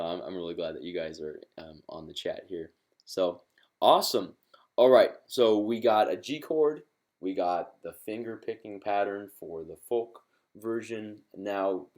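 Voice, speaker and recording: A man's voice: low voice, darkish tone. A man teaching ukulele in a live-streamed lesson. He is encouraging and chatty, with many fillers and restarts.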